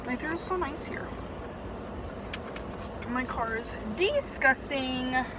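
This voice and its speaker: A woman's voice: sits high, animated, takes it slowly, heavy background noise. A young woman chatting casually for her vlog from her car and a car wash, flustered and full of "like" and "literally". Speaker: vlogger.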